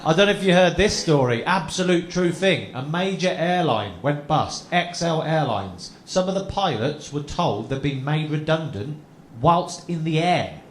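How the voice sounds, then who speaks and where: Chatty comedian, echoey live venue. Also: male voice, a little high, animated, measured pace, slight background noise. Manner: chatty, self-mocking, asks the crowd tag questions. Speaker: stand-up comedian guest. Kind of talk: stand-up routine on a chat show.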